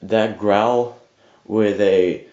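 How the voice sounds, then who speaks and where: A young man with a low, unhurried voice explains growl technique in a loose, rambling way, stopping often to restart his sentences. He has just woken up. His camera mic gives a dull, roomy sound. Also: steady tone, dark tone. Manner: rambling, hesitant, many fillers and restarts, swears casually. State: just woke up. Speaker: vocal tutor. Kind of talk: casual webcam tutorial. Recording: echoey lo-fi home webcam audio.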